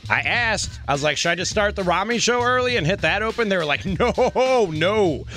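A man's voice: high-pitched, expressive, quick pace, faint music behind. Playful man hosting sports radio. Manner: loud, playful, breaks into singing. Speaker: radio sports talk guest host. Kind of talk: energetic sports radio talk. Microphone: studio microphone.

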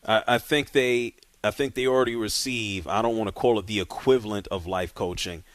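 Hosting sports talk radio, this lowish-voiced man has a fairly bright tone. He keeps things casual and direct, hurrying callers through.

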